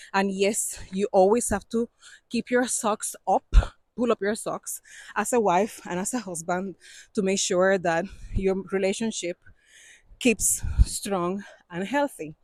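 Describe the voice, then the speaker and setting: Breathy Cuban woman vlogging on a trail. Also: medium pitch, slow, a little mellow, no echo. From Cuba. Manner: chatty, laughs often, non-native phrasing. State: out of breath from climbing. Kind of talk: casual walking vlog. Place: mountain trail outdoors.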